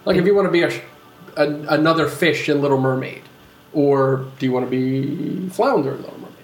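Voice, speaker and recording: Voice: mid-range voice, a little fast, echoey room, poor audio. A podcast host reading out questions and teasing the guests. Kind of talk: casual chat.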